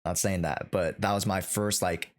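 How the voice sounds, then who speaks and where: A man hosting a casual podcast chat on a headset, talking in a halting way with many restarts. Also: deep voice, fairly even intonation. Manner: hesitant, many restarts and fillers. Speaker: podcast host.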